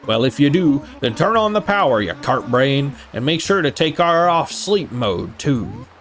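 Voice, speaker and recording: A man voicing a gruff male sea-captain turtle boatman in pirate talk, reading game dialogue aloud. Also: medium pitch, very animated, measured pace, a bit bright, soft background music, voice pushed up. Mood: teasing. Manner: pirate talk, jolly and teasing.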